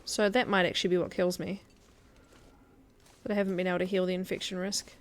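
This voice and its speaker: A woman's voice: on the low side, level tone, fast talker. A woman chatting casually as a guest streamer while she plays a survival game, laughing often. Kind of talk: casual gameplay commentary.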